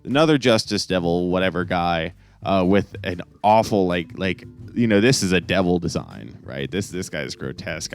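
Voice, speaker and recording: A man's voice: sits low, expressive, normal speed, few pauses, faint music behind. A young man hosting a casual comic review podcast, rambling along with sarcastic asides. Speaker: host.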